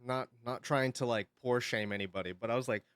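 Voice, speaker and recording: A man livestreaming and chatting casually with his viewers, telling an animated story while swearing freely and laughing often. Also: mid-range voice, a little fast, clean tone, dry recording, studio quality. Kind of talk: casual stream chat.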